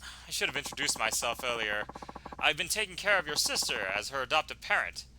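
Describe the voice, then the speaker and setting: A man voicing a polite, dignified older yakuza boss who speaks softly and courteously in a game playthrough. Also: mid-range voice, very animated, fairly quick, noisy background, close to an everyday voice. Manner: courteous, soft-spoken.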